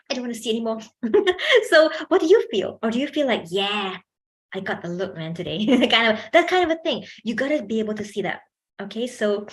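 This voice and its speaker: A woman giving an animated talk on public speaking at a workshop, laughing often and asking her audience questions, on a handheld microphone. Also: mid-range voice.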